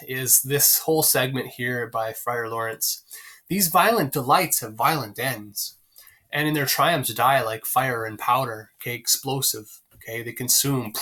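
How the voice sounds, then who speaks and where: A man teaching a play in a casual, conversational way, pausing often with fillers as he looks for lines. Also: medium pitch, pushed and bright. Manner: conversational, many fillers, pauses to find lines. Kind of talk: explaining a play to students, casual.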